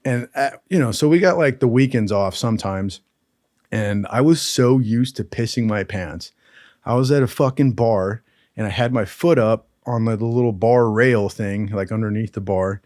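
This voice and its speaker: A laid-back man tells raunchy anecdotes from his military training in a relaxed, profane, chatty way. The recording is dry and close, with no room sound. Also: lowish voice, normal speed, no room sound. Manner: profane, laid-back, keeps saying "dude". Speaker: storyteller recalling military training. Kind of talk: casual crude anecdote telling.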